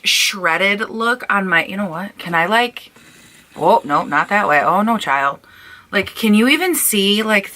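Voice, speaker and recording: Young woman vlogger, bright tone, chatty and playful, casual talk to camera. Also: mid-range voice. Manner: chatty, animated, playful asides. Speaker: beauty vlogger.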